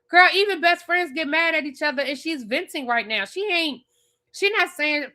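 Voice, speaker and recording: A woman's voice: sits high, normal speed. A woman hosting a live TV review, ranting bluntly and with plenty of profanity, and talking straight at the people on the show. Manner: animated, blunt and profane, talks straight at the show's cast. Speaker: TV show reviewer and channel host.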